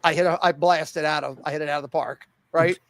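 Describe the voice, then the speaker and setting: A middle-aged man co-hosting a podcast, telling a long story in a lively, laughing way and acting out the lines people said. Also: on the high side, quick pace, gravelly, dry recording. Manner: animated, laughing storyteller who acts out quoted lines. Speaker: podcast co-host. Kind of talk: casual storytelling chat.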